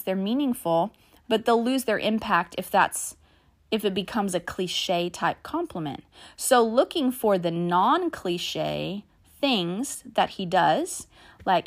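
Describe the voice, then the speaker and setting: A woman's voice: lowish voice, lively intonation, unhurried. A middle-aged woman hosting a solo podcast, talking in a chatty, earnest way and sharing stories about her family. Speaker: podcast host. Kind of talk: casual solo podcast talk.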